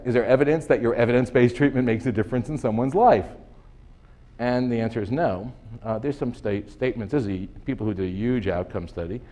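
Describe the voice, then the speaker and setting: A man's voice: lowish voice, mellow. Emphatic, sarcastic male lecturer. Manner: emphatic, sarcastic, rhetorical questions. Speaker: conference speaker. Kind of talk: lecture presentation. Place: conference hall.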